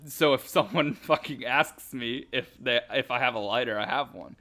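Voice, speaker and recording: A young man co-hosts a loose podcast, his voice bright and pushing forward. He talks in a crude, teasing way and mocks his friend's stories. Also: medium pitch, moderate pace. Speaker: podcast co-host. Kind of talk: casual chat.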